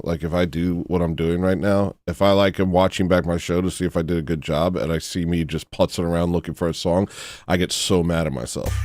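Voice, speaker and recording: A man hosting a casual livestream, rambling and joking at his own expense while thanking viewers. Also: low voice. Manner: rambling, self-deprecating, goofy. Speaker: livestream host.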